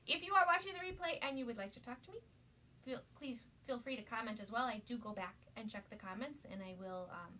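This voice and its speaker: A woman demonstrating a craft project on a live stream, gushing with excitement and greeting viewers by name. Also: a little high, fast talker, distant mic, a little hiss or hum.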